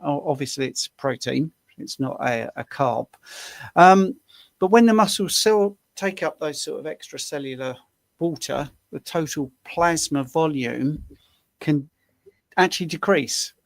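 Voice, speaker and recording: A man's voice: medium pitch, creaky, no echo, studio quality. A man in his sixties answering questions in a casual online chat, rambling through explanations with self-deprecating asides over a video call. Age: 60s.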